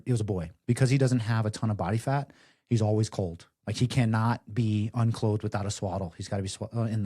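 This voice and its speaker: A young man, a firefighter guest, telling stories casually on a podcast, full of "like" fillers and growing quiet in tender moments. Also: medium pitch, dry recording, studio quality. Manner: animated storyteller, many "like" fillers, softens for emotional parts. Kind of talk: casual storytelling interview.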